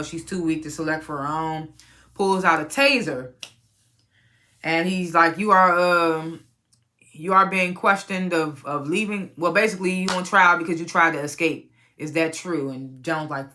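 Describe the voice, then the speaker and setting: A woman casually recapping a TV episode, profane and animated, often laughing and acting out the characters' lines. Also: fairly low pitch. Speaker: TV recap reviewer.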